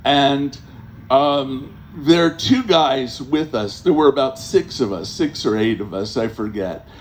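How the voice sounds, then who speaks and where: Slow, rambling man telling a story. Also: mid-range voice, a little hiss or hum. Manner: rambling, halting, full of fillers and restarts; chuckles through the telling. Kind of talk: live personal storytelling.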